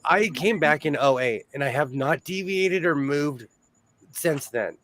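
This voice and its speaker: A man's voice: on the high side, lively intonation, measured pace, a bit bright, slight background noise, poor audio. A man hosting a casual sewing chat, telling stories and laughing often. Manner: chatty storyteller who laughs often.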